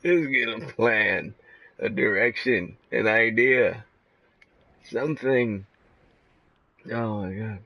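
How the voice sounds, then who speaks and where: A man's voice: fairly low pitch, slow, creaky, pauses often, dull audio. A man giving casual, rambling commentary while playing a game, swearing often and laughing a lot. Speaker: gamer.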